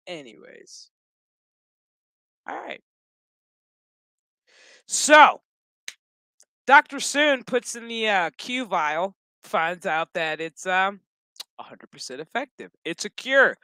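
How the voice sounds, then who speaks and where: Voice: mid-range voice, takes it slowly, long pauses, no echo. A speaker casually recapping a show episode, swearing freely in slang. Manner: profane, slangy, animated storytelling.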